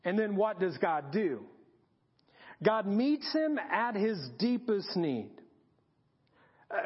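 A male pastor with a very high voice preaches slowly, repeating his points for emphasis. The dull recording rings with a long hall reverb. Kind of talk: sermon.

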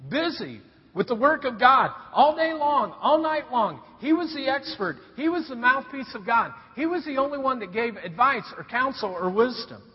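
A man's voice: extremely high pitch, normal speed, slightly rough. A man preaching a sermon, telling stories and asking the congregation rhetorical questions. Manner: animated storytelling with rhetorical questions. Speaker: pastor. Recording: dull recording in a reverberant hall.

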